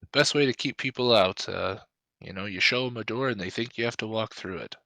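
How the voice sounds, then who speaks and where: A man's voice: lowish voice, brisk, pushed and bright, no echo. A man voicing a stately older male ghostly footman with dry wit, polite and slightly haughty. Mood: wry.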